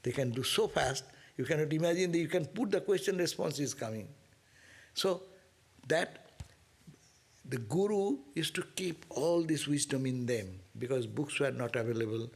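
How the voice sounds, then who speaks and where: A man's voice: a little high, normal speed, vocal fry, breathy edge. A man teaching a scripture class, explaining Sanskrit verses line by line and often asking "no?". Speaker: monk and spiritual teacher.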